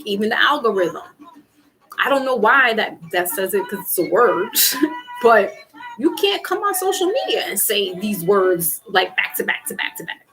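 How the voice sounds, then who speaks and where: A woman's voice: on the high side, a bit bright, rough recording. A middle-aged woman hosting a casual livestream chat, laughing often and acting out quotes in her stories. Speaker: livestream host. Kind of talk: casual chat with live viewers.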